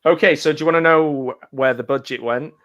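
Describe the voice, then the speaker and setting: A man hosting a casual film commentary, sharing trivia in a halting way with frequent ums and giggles. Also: fairly high pitch, a bit bright, lo-fi sound. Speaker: podcast host.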